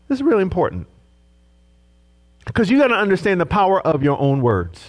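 A male pastor delivers a sermon in a high voice. His pitch leaps around as he preaches, and he acts out the voices he quotes. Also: fairly quick, pauses often. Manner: animated preaching, acting out quoted speech.

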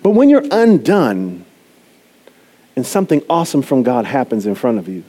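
A man preaching a sermon, animated and chatty, often laughing and poking fun at himself as he talks to the congregation. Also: mid-range voice, moderate pace. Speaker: pastor.

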